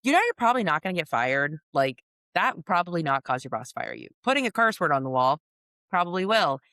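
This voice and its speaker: A woman with a somewhat low voice co-hosts a casual podcast, telling lively stories and laughing often. Her sound is dry and close, with no room around it. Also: fast, dry recording. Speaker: podcast co-host and coach. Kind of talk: casual conversational storytelling.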